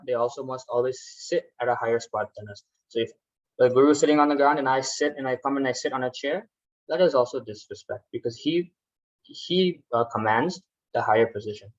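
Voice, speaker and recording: Man, workshop instructor, patient, explanatory, mid pitch, slightly dull lo-fi audio. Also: no room sound. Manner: patient, explanatory, often asks "right?". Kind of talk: guided ritual instruction.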